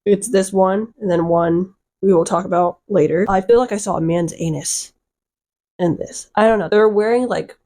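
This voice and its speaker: Mellow-voiced woman doing sarcastic commentary. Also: mid-range voice, steady tone, normal speed. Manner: sarcastic, rambling, laughs at herself. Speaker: video essay commentator. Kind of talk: casual commentary.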